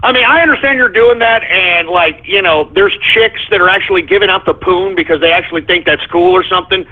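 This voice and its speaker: A man's voice: high-pitched, fairly quick. A man hosting a call-in radio show, ranting and swearing in an exasperated tone. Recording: tinny phone-like line.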